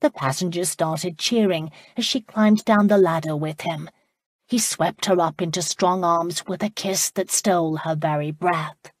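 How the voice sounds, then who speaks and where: A woman narrates an audiobook in a measured, expressive reading. Her voice sits low with a husky grain. The recording is close and dry, with no room sound. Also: no echo. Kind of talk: scripted narration.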